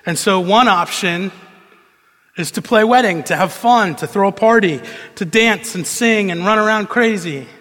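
A male pastor preaching a sermon in a conversational, animated storytelling manner, in a church hall. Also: high voice, moderate pace. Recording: long reverb of a large hall.

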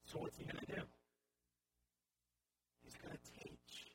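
A male pastor giving a sermon in a conversational style with wry asides, over a recording with hum and noise. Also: a little slow. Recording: audible hum and background noise.

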